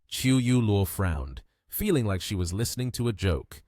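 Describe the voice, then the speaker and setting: A man narrating a story recap with steady, expressive storytelling. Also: fairly low pitch, normal speed, hardly any pauses, no echo, studio quality.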